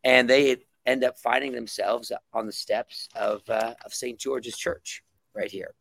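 Gravelly-voiced man, enthusiastic comic writer. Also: medium pitch, steady tone, measured pace, fairly bright tone. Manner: enthusiastic, rambling with many fillers. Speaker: guest comic book writer. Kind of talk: casual interview talk.

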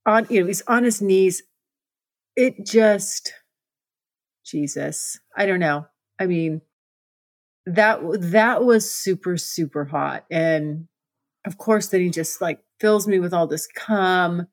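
A woman's voice: fairly low pitch, slow pace, dry recording. Frank woman podcast host, dry close sound. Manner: frank, breathless storytelling with many restarts. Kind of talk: candid podcast monologue.

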